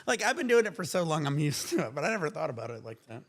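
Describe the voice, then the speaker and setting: A man's voice: a little high, fast talker. A man hosting a livestream, chatting casually and cutting in to make his point. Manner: animated, talks over others, insistent. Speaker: livestream host. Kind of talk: casual stoner chat.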